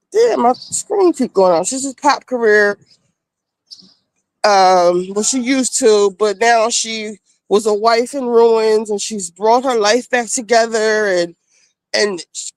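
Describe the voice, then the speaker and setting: A woman's voice: fairly high pitch, no room sound. A woman streaming from her phone, giving a blunt, gossipy, profane recap of reality-show drama in casual chat.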